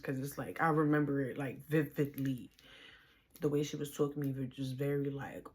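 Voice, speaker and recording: A woman's voice: sits low, creaky, darkish tone, slightly rough. A woman in her twenties from the Bronx with a New York accent, telling her own story to camera in casual slangy talk. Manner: casual slangy talk, quoting others in voices, rising when heated.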